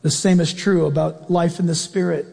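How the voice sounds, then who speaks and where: A man preaching a sermon in a church, animated, acting out quotes and questioning his congregation. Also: fairly high pitch, moderate pace, gravelly, slightly rough, big-room sound.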